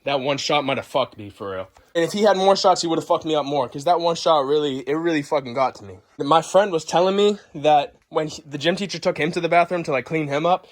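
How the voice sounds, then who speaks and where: A young man vlogger telling a story in a loud, profane, boisterous way, acting out the scenes as he goes. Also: a little high, quick pace, few pauses. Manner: boisterous, swears constantly, acts the story out.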